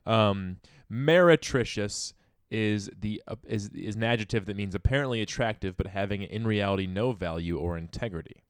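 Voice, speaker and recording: A man's voice: on the low side, no echo, clean studio sound. A man casually discussing a novel with a friend, joking and reading passages aloud. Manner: chatty, jokey, reads passages aloud slowly. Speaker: podcast co-host discussing a novel. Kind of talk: casual book-club chat.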